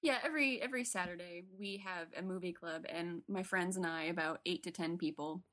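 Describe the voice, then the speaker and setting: A woman's voice: on the low side, fairly quick, fairly bright tone. A woman guest on a podcast, telling stories in an easygoing way with fillers. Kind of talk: casual chat.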